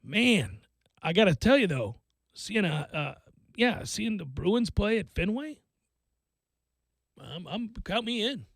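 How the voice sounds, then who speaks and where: A man hosting a sports radio show, chatting casually and telling stories with animated energy and frequent laughter. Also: high voice, slow, creaky, long pauses, no room sound. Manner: animated storytelling, laughs often.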